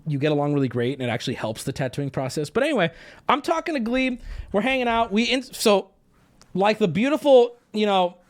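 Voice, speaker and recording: Animated high-voiced male streamer. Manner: animated, rambling, swears freely, talks to chat. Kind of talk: casual live-stream storytelling.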